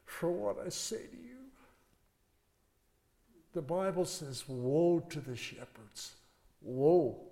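A man's voice: a little high, creaky, darkish tone. Older male pastor preaching in a hall. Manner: folksy, preachy, swelling to emphatic stresses. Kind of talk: sermon. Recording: long hall reverb.

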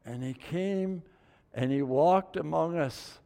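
A male pastor delivering a sermon, emphatic, rising to loud exclamations and dropping to hushed near-whispers, in a church sanctuary. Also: a little high, slow pace, creaky. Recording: long hall reverb.

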